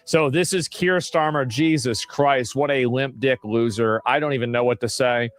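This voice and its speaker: A man's voice: medium pitch, normal speed, dry recording. A man hosting a casual commentary stream, mocking and exasperated, swearing and restarting his sentences. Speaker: streamer host.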